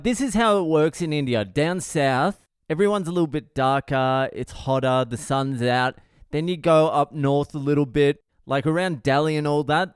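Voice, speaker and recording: A man's voice: mid-range voice, clear, resonant tone, no echo, studio quality. A middle-aged man, host of his own podcast, telling stories in a profane, rambling, jokey way. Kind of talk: casual monologue podcast.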